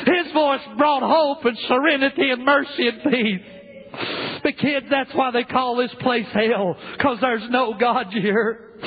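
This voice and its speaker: A male preacher playing a regretful father lamenting from hell, with a halting, pleading, mournful delivery. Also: very high-pitched, husky, full character voice. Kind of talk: dramatic sermon reading. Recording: tinny lo-fi phone-like recording.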